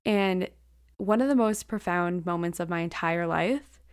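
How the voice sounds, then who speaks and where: Young woman, acting teacher, candid rambling storytelling, low-pitched voice, dry close sound. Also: unhurried, smooth, no echo. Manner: candid, rambling with many "like" fillers. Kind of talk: personal storytelling.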